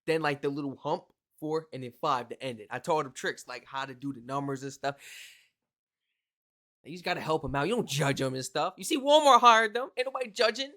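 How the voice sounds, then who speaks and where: An American reaction video host giving casual commentary, animated and exclaiming, with slangy asides. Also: mid-range voice, a little fast. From United States.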